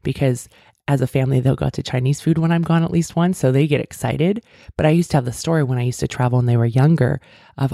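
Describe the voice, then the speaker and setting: A woman's voice: rumbling low, quick pace, vocal fry, dark tone, no echo, clean studio sound. A middle-aged woman hosting a podcast, talking earnestly and at length in a coaching tone about feelings. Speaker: podcast host. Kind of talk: casual self-help talk.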